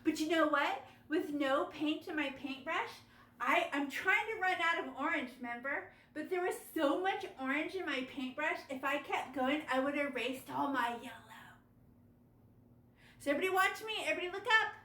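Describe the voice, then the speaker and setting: Woman art teacher on a video call, high voice, roomy echo, chatty and excited for little kids. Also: moderate pace. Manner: animated, gasping with delight, coaxing young kids. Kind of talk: step-by-step painting lesson for children.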